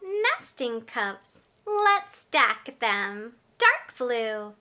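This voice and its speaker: A young adult woman teaching toddlers through play, talking in a slow, exaggerated, encouraging sing-song. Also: fairly high pitch, very animated, over loud music. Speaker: early-childhood teacher.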